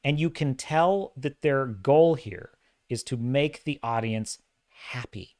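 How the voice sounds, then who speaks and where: A man hosting a livestream, giving opinionated, animated commentary and acting out quoted dialogue. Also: medium pitch, slow, no room sound, studio quality. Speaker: livestream host.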